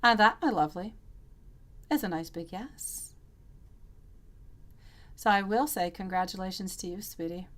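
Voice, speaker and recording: A woman hosts a live tarot reading for her viewers, middle in pitch. She talks at length and drifts from point to point, and she calls her listeners sweetie and my lovely as she answers their questions. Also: measured pace, long pauses. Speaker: tarot reader hosting a live stream.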